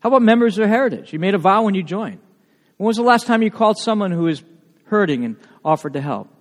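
Animated high-voiced preacher in a reverberant church. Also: male voice, fast. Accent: New England. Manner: animated and conversational, with rhetorical questions. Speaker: pastor. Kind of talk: sermon. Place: church sanctuary.

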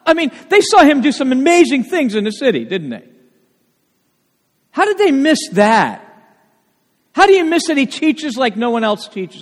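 A male pastor preaching a sermon, animated and full of rhetorical questions. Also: very high-pitched. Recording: long reverb of a church hall.

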